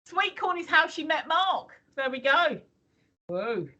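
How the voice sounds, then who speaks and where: A woman's voice: high voice, sing-song, unhurried, sharp tone, highs cut off. A woman in her fifties or sixties co-hosting a casual livestream, teasing and laughing as she chats. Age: 50s or 60s. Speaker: stream co-host.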